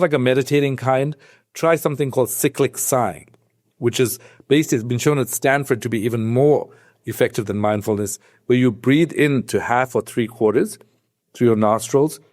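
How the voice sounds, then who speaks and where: A man, a psychiatrist guest on a podcast, who talks in an animated, conversational way and explains things step by step like a teacher. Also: mid-range voice, moderate pace, no echo, clean studio sound. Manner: animated storyteller, acts out quoted voices.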